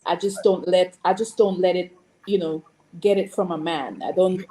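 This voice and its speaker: A woman's voice: lowish voice, fairly even intonation, normal speed, mellow, slight background noise, low-quality recording. A woman on a talk-show panel speaking frankly and repeating herself for emphasis. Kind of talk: candid talk-show discussion.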